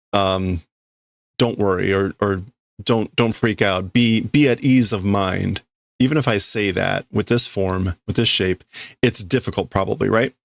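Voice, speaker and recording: A man's voice: on the low side, creaky, a bit bright, no room sound. A man livestreaming as he reads and translates manga in a casual way, thinking aloud and often stopping to correct himself.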